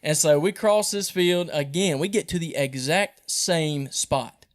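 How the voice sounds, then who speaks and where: A man tells a hunting story on a podcast, animated and playing the voices of everyone in it. His voice sits high for a man. The talk is casual and lively. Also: a little slow. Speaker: podcast host.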